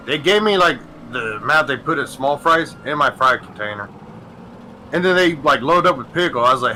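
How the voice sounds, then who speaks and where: A man's voice: a little high, fairly quick, slight background noise, poor audio. A man hosting a gaming stream, telling stories in a profane, ranting casual chat. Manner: ranting, profane, animated storytelling.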